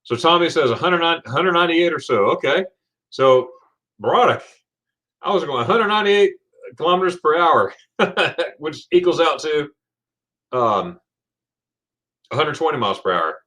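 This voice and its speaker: A man's voice: on the high side, animated, moderate pace, pauses often, bright, forceful tone. A man hosting a casual livestream, chatting loosely, laughing often and reading viewer comments aloud. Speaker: livestream host.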